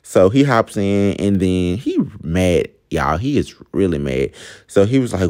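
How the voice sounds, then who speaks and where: A young man with a low-sitting voice tells a personal story in a storytime vlog, animated and at normal speed. Talking straight to his viewers, he's chatty, calls them y'all and laughs at himself.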